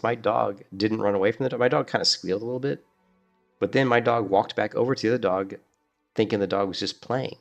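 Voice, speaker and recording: Rambling and chatty, this gaming streamer often restarts his thoughts as he casually comments on his gameplay. His voice is lowish and gravelly.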